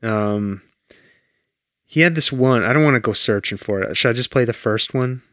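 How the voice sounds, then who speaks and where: A man's voice: mid-range voice, moderate pace, fairly bright tone, no room sound, studio quality. A man co-hosting a podcast, chatting casually and teasing his co-host while he searches for a recording to play. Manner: easygoing and teasing, talks while fiddling with playback. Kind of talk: casual chat.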